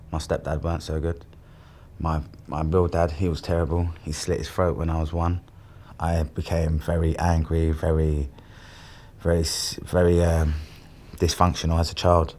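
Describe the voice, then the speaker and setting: A man with a very low, monotone voice recounts his past in an interview. He speaks bluntly and plainly. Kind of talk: personal storytelling interview.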